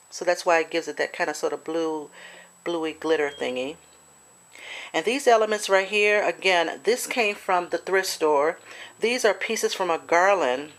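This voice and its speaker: A chatty woman with a lowish voice walks through her handmade craft piece in a casual show-and-tell. She searches for words with lots of fillers and restarts, now and then apologizing. Her tone stays homey and unscripted. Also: fairly bright tone. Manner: gets emotional and apologetic. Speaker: crafter showing a swap project.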